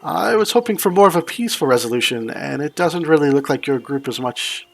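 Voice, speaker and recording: A man's voice: on the high side, lively intonation, brisk, vocal fry, pitched above the performer's own voice. A man voicing a wary, polite female nun who doubts the strangers before her.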